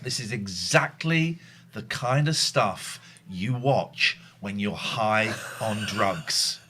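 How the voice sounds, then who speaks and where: A man's voice: lowish voice, slow, bright, forceful tone, breathy edge. A man hosting a podcast, bantering and joking in a casual chat. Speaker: podcast host.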